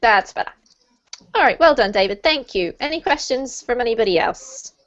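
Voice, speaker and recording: A woman's voice: fairly high pitch, animated, moderate pace. A woman teaching an online English lesson, encouraging and patient, laughing often as she explains. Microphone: video call. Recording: muffled online call audio.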